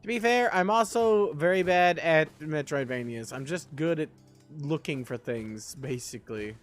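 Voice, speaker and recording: A man's voice: on the high side, moderate pace, soft background music. A young man streaming a game live, joking about himself and chatting with his viewers. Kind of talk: live gameplay chat.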